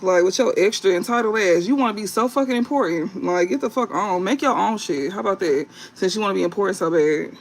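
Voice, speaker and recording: A man hosting a late-night livestream as a tarot reader, talking bluntly and profanely with drawn-out fillers and repeated phrases. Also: high voice.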